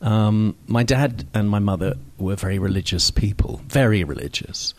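A man's voice: fairly low pitch, moderate pace, a little mellow, no room sound. Wry older man with received pronunciation. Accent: received pronunciation English. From Scotland. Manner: wry, digressive, self-mocking with many fillers. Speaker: speaker telling a personal story. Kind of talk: storytelling talk. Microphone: microphone on stage.

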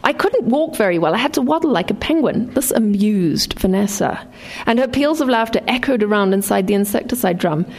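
A woman's voice: medium pitch, lively intonation, a little fast, darkish tone. A woman born in England reading her own memoir with dry wit, then talking about writing it. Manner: dry, wry storytelling.

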